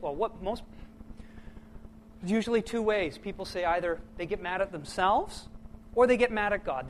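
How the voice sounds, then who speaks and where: A middle-aged man preaching a sermon to his church, impassioned, swinging from loud bursts to hushed, quiet lines. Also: high voice, a little hiss or hum, rough recording.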